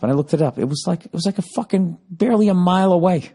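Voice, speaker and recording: A man's voice: on the high side, fast talker, dark tone. A man hosting a podcast, telling a story in a casual monologue, ranting and swearing freely. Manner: profane, ranting. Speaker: podcast host.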